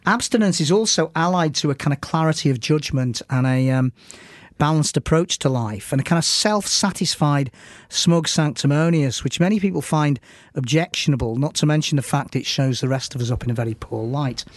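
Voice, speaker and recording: A man with a voice that sits a little high for a male speaker holds forth in a sardonic, rambling manner on a comic radio slot. He circles back on his words before landing a dry punchline or sliding into a recited verse. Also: a little fast. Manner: wry, sardonic, rambling with restarts. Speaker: regular comic contributor.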